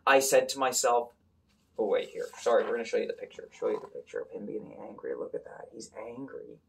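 A teacher reads a picture book aloud to children and guides them through a calming breathing exercise. His mid-range voice is fairly quick, slightly rough and has vocal fry, and he's gentle and encouraging, often sinking into a soft whisper.

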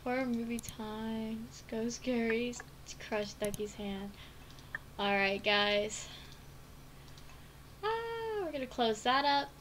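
Excitable high-voiced woman gaming streamer. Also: slow, a little hiss or hum, rough recording. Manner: excitable, gasping and squealing reactions. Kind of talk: casual let's-play commentary. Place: home at a computer. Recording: keyboard clicks in background. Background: typing on a keyboard.

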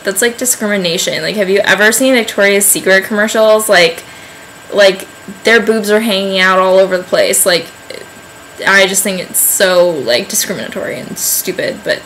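A young woman chats on and on to her webcam, rambling and leaning on "like" as she goes. Her pitch sits in a middle range. A faint hiss runs under her voice. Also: moderate pace, fairly bright tone, poor audio. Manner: rambling, chatty, heavy use of "like". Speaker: vlogger. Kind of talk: casual vlog chat to camera.

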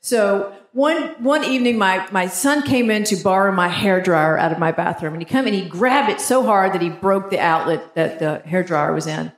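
A woman's voice: medium pitch, moderate pace, few pauses. A woman in her fifties doing a stand-up comedy set in a theatre, telling stories and acting out the voices of her family. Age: 50s. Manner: animated storytelling with acted-out voices. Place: theatre stage before a live audience. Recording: roomy live theatre sound with audience noise.

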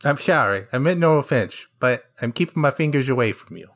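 A man playing in a tabletop role-play, joking and firing off questions. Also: medium pitch. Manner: joking, animated, rapid questions. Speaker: player.

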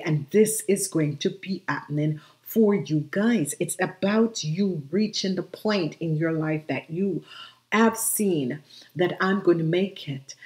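A woman's voice: lowish voice, a little mellow. A woman giving a tarot reading to her viewers, emphatic and encouraging, with frequent "um" fillers. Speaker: tarot reader. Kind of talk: solo video reading addressed to viewers.

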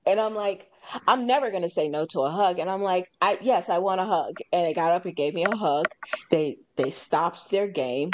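This woman has a lowish voice and hosts a radio talk show in an easy, chatty way. She tells stories with animation and slips into other people's lines as she goes. She repeats her main points for emphasis. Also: normal speed, highs cut off, a little hiss or hum. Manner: emphatic, repeats key phrases. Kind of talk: casual chat.

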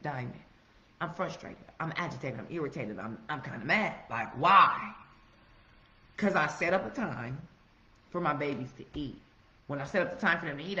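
Cussing preachy woman vlogging, bright voice, echoey room. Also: deep voice. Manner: profane, preachy, loud emphatic outbursts. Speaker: motivational vlogger. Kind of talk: casual motivational monologue. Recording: roomy, slightly muffled recording.

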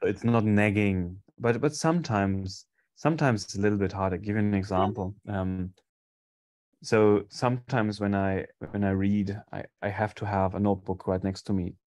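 A man in a casual group discussion, speaking in a measured way with halting repeats. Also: lowish voice, steady tone, darkish tone. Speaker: seminar participant.

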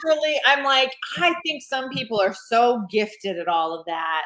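A woman's voice: fairly high pitch, moderate pace, a bit bright. A woman author chatting casually in an interview, self-deprecating and full of fillers, on a video call. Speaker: author guest. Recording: echoey room.

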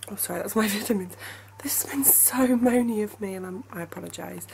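A woman's voice: medium pitch, fairly quick, gravelly, darkish tone, slight background noise. A young woman in casual vlog chat at home, chatty and apologetic, laughing often, speaking through a headache. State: has a headache. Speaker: family vlogger. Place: home, indoors.

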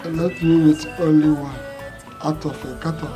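A man's voice: fairly high pitch, fairly even intonation, moderate pace, over music, natural voice. An older man with a Nigerian accent, playing a broke, boastful father who pleads and whines with his creditor. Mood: self-pitying. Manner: wheedling, self-pitying, rising to a whine. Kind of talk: Nollywood film acting.

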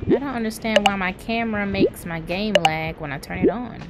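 A woman streaming a shooter game, reacting with loud cries to the Lord and rapid repeated words. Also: medium pitch, over music. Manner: excitable, exclaims to the Lord and Jesus, repeats words fast. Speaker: gaming channel host. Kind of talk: live gameplay commentary.

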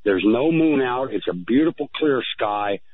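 Male radio caller, halting storyteller, heard over a tinny phone line. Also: mid-range voice, lively intonation, dry recording. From United States. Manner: halting, repeats words. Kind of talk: phone-in account.

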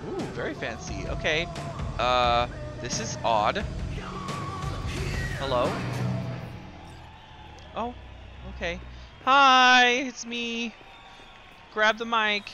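A man commentating on the game he is playing, excitable and jumpy, often crying out when startled. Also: a little high, takes it slowly, long pauses, music in the background. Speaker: gaming video host. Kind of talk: let's play commentary.

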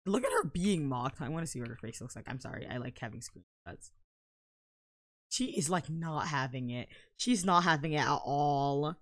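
A young woman commenting casually on her life-simulation game, playful and giggly, with sudden loud bursts of excitement. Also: low voice, normal speed, no room sound. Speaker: gameplay commentator. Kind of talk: casual let's-play commentary.

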